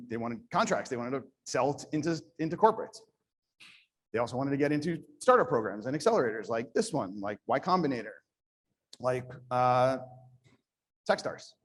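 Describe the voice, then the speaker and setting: A man speaking to a live audience at a startup event in a conversational, self-deprecating way, with frequent restarts. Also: on the high side. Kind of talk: live conference talk.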